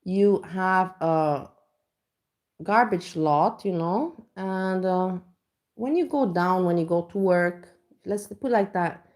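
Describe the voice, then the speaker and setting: In a home kitchen, a woman vlogger chats casually, her voice on the low side with a warm tone. She tells a rambling, self-mocking story full of restarts, in the style of a casual reaction chat.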